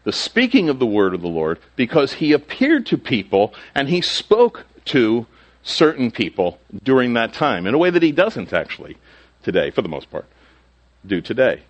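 A man's voice: mid-range voice, sing-song, moderate pace, lo-fi sound. A male pastor teaching through a Bible passage in a conversational sermon, sometimes acting out the quoted speakers.

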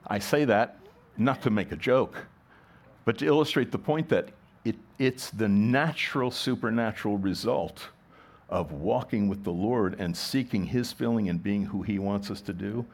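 Lowish-voiced man preaching a conversational sermon. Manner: conversational preaching with rhetorical questions and restarts. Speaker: pastor.

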